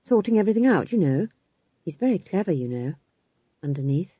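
A woman's voice: lowish voice, sing-song, breathy edge, no room sound. A woman doing a meek young witch. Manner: meek, hurried. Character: young meek female witch, shy and hurried. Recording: slightly dull lo-fi recording.

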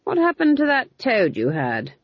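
A woman's voice: on the high side, huge pitch swings, moderate pace, no room sound, pitched above the performer's own voice, heavily acted. A woman voicing a stern elderly witch who speaks in a brusque, disapproving way. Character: stern elderly female witch, dry and proud. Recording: dull lo-fi dry recording.

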